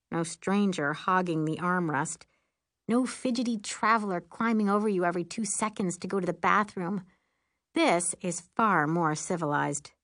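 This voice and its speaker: A woman narrating a first-person audiobook in a lively, wry, expressive way. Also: on the low side, dry recording, clean studio sound.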